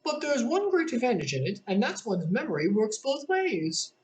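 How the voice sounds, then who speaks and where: A woman reading aloud and voicing a fretful old queen who cries out in high squeals. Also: huge pitch swings, moderate pace, darkish tone, a little hiss or hum. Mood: prim.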